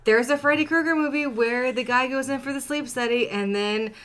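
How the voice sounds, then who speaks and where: A woman co-hosting a podcast in casual chat, opinionated and animated, slipping into mock voices to make her point. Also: sits high, brisk, slight background noise. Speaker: podcast co-host.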